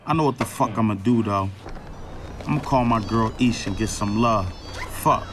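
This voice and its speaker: An actor playing a cocky inmate who calls his wife from jail, talking rough and profane, heard as a film clip. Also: on the low side, moderate pace, natural voice. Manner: cocky, profane street talk. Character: swaggering male inmate calling his wife. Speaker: film character. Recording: film clip with clear street noise.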